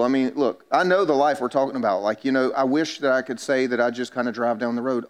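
A man's voice: mid-range voice, fast talker, few pauses. A man, a pastor preaching a sermon in a church and telling stories with self-mocking humor. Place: church sanctuary.

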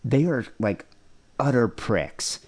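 A man co-hosting a comedy podcast in casual chat, telling profane stories with lively energy. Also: medium pitch, slow, husky. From United States. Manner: animated, profane storytelling. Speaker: podcast co-host.

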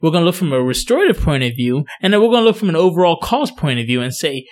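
Halting, explaining dentist host, man. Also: on the high side, sing-song. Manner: explanatory, halting with many fillers and restarts. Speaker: dentist, periodontist podcast host. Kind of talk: casual podcast chat.

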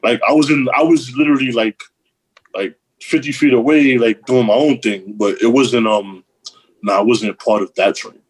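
Male co-host, husky voice, halting and repetitive. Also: mid-range voice, steady tone. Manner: hesitant, repeats himself. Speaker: podcast co-host. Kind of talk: casual banter.

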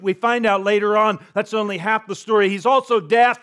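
A man preaching a sermon as pastor, retelling a scripture story vividly, swinging between hushed and emphatic delivery. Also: sits high, moderate pace, hardly any pauses.

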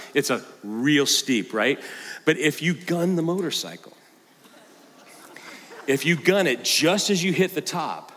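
An older man, a pastor, preaching a sermon and telling a story in an animated way, at times mimicking a squealing child. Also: mid-range voice, long reverb tail.

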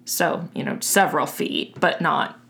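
A woman's voice: low voice, a little slow, vocal fry, fairly bright tone. A woman co-hosting a podcast in casual chat, chatty, with frequent fillers and laughs. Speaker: podcast co-host.

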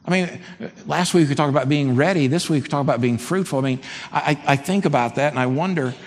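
Male pastor preaching in a reverberant hall. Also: fast talker. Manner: conversational preaching, animated swings in pitch. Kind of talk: sermon. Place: church sanctuary. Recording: long hall reverb, faint background noise.

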